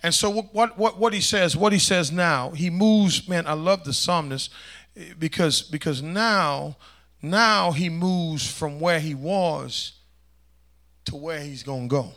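Male pastor, high voice, call-and-response preaching that swings from loud to hushed. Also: a little slow. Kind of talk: sermon.

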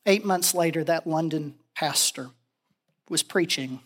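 A woman's voice: low voice, unhurried. A woman giving a chapel sermon, telling it expressively, her voice climbing on the key phrases. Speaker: chapel speaker.

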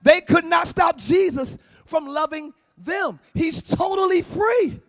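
A man preaching a sermon as pastor, often shouting. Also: very high-pitched, animated, takes it slowly, no room sound, studio quality. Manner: shouting, sing-song preaching with call-and-response. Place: church service, before a congregation.

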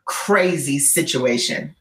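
A woman guest on a podcast interview, telling a dramatic story in an animated way and often checking in with "right?". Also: low-pitched, takes it slowly. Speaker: guest, keynote speaker. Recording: roomy echo.

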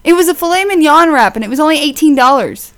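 A woman's voice: sits high, expressive, quick pace, fairly bright tone. A middle-aged woman co-hosting a podcast, playful and sarcastic, laughing often in casual chat. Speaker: podcast co-host.

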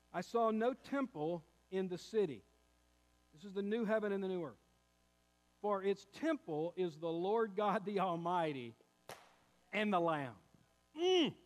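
A man's voice: high-pitched, in a large hall. A man preaching a sermon as pastor, building emphasis and calling his listeners beloved.

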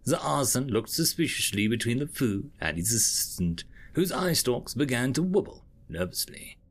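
A man reading a science fiction story aloud with expressive, measured narration. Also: mid-range voice.

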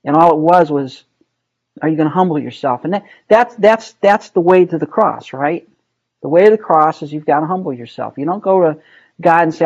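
A man's voice: fairly high pitch, expressive, a little fast, darkish tone, lo-fi sound. Man teaching a casual Bible study. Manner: conversational, asks the group questions, many ums and rights.

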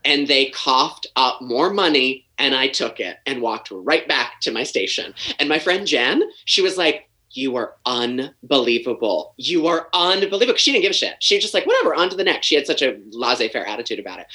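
Animated man telling a story. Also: medium pitch, moderate pace, low-quality recording. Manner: animated, swears freely, laughs mid-story. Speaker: podcast guest, former waiter. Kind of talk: casual storytelling in conversation.

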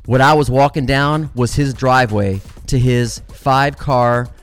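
A middle-aged man telling a story in a casual, animated way, swearing freely and calling his listeners guys. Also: medium pitch, a little slow, faint music behind.

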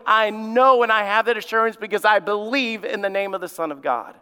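A man's voice: high-pitched, pushed and bright, clean tone. Emphatic man preaching in a reverberant church. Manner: emphatic preaching with dramatic pauses and repetition. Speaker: lead pastor. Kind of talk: sermon. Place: church sanctuary.

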